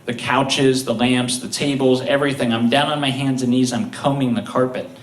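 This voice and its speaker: A man telling funny stories on stage at a live show, chuckling through them with halting restarts. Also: mid-range voice, fairly even intonation, a little hiss or hum. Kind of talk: live comedic storytelling. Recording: roomy, distant live-stage mic.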